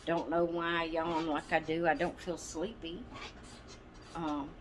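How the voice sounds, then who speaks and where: A woman's voice: deep voice, flat delivery, unhurried, noisy background. A woman hosting her doll channel, chatting casually and rambling to viewers with plenty of ums and asides. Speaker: doll channel vlog host.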